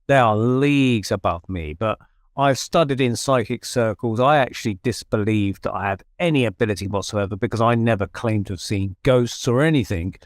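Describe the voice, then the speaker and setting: A man's voice: lowish voice, normal speed, no room sound, clean studio sound. A middle-aged man with an English accent, hosting a podcast and telling his own story in a chatty, self-deprecating way with many restarts. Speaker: podcast host. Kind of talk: conversational storytelling.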